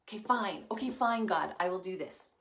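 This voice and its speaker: A woman's voice: medium pitch, animated, normal speed, fairly bright tone, a little hiss or hum. A woman doing a fretful, stammering Moses. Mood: resigned. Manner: nervous, stammering, pleading. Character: fretful reluctant man, Moses, pleading and unsure.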